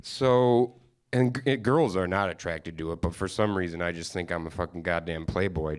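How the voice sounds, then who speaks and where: A man's voice: sits low, normal speed, clean tone. A young man hosting a live stand-up special, telling loose, self-mocking stories with crude punchlines on a studio stage. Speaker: stand-up comedian and host. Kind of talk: stand-up comedy set.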